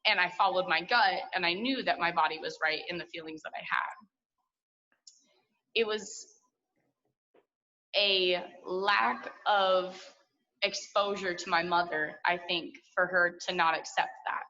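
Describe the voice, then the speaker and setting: A woman's voice: on the low side, measured pace, long pauses, pushed and bright, dull audio. A woman in her twenties telling a personal story at a story slam, candid and profane, full of likes and asides, heard over a video call.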